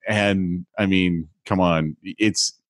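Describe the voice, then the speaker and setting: A man co-hosting a podcast in casual chat, relaxed and rambling with many hesitations. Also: deep voice, takes it slowly, no room sound. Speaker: podcast co-host.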